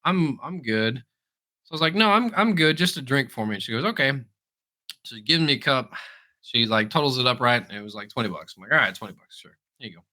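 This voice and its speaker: A man co-hosting a podcast, telling stories in casual chat, animated, laughing often and swearing freely. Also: mid-range voice, fast talker. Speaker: podcast co-host.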